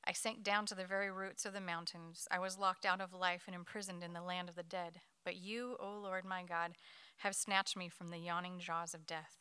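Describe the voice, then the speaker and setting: A woman leading a Bible study, reading a scripture passage aloud to her group at a quick pace. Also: on the low side, clear, resonant tone, dry recording. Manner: quick, lively reading with light laughs.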